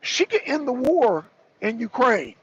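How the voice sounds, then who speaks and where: A man's voice: very high voice, sing-song, unhurried, a little hiss or hum. A man hosting a political talk show, ranting animatedly and calling out his co-hosts by name, on a slightly muffled recording. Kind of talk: heated political commentary.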